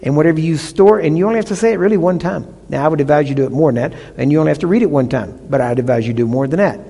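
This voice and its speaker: A man preaching with a fairly high voice, leaning hard on key words and checking in with the congregation between points. His voice rings out with a long reverb, as if he is in a large church hall. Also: rapid-fire, creaky, mellow, husky. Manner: emphatic teaching with call-and-response checks. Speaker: pastor. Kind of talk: sermon.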